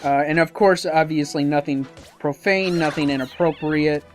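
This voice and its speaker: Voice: medium pitch, steady tone, moderate pace, faint music behind. A YouTuber giving casual, rambling commentary over a game playthrough, talking to himself about where to go. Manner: rambling, self-talking, hesitant fillers. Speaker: let's-play commentator.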